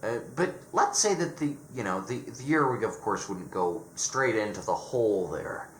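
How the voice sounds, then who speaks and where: Sarcastic stammering man, lively pitch. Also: normal speed, reverberant, slight background noise. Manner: sarcastic, dismissive, frequent stammered restarts. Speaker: horror reviewer. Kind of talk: opinionated casual review.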